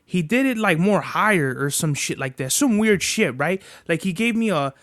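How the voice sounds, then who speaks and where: High-voiced man, profane rambling podcast host. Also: expressive, normal speed. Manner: profane, rambling, slangy with frequent "bruh"; soft, cooing baby talk to his dog. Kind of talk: casual solo podcast chat.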